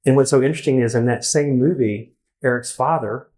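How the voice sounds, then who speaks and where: A man's voice: mid-range voice, fairly quick, warm tone. Rambling male host at a live event. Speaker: host, interviewer. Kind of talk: live onstage conversation. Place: event hall with audience.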